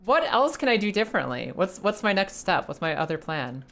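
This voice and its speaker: A woman's voice: mid-range voice, sing-song, fairly quick, creaky, a bit bright. A young woman casually chatting to her live chat while playing a game, swearing now and then. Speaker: streamer. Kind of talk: live gameplay commentary.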